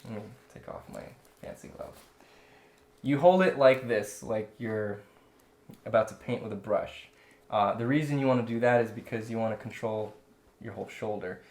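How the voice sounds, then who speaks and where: A man's voice: lowish voice, normal speed, a little mellow. Man explaining pencil technique step by step. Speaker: drawing instructor co-host. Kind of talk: casual teaching chat.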